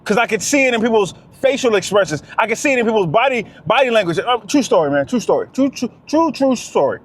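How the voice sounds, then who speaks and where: A man delivers a fired-up monologue to camera. His voice sits high for a man, and he hammers his points home again and again, calling out to his listeners as fellas. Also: lively intonation, fast talker. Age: 30s. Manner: preachy, repetitive, talks straight to "fellas". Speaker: vlogger.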